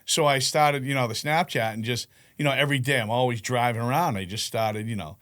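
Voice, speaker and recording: A man telling profane stories in a relaxed group chat. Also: mid-range voice, brisk. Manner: profane, animated storyteller. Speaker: podcast guest. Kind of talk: casual storytelling chat.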